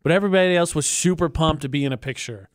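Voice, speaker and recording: A man's voice: a little high, fast, dry recording, studio quality. Upbeat man chatting on a podcast. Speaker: co-host. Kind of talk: casual chat.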